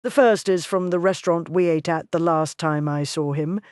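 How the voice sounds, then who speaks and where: A woman reading a psychological thriller aloud in first person, in an even, measured way. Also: on the low side, no echo. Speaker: audiobook narrator. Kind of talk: scripted first-person narration.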